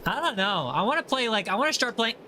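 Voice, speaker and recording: A man hosts a laid-back gaming livestream, reading viewer messages aloud and joking with them. His voice sits high with a bright, forward edge, and a faint hiss of noise runs underneath. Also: sing-song, quick pace. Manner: playful, teasing, reads viewer messages aloud. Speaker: livestream host. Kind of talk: casual chat while gaming.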